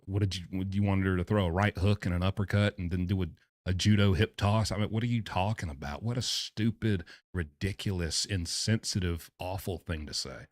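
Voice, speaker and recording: A man's voice: sits low, brisk, no room sound, clean studio sound. A man streaming, reading messages aloud and reacting with sarcastic disbelief. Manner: incredulous, sarcastic.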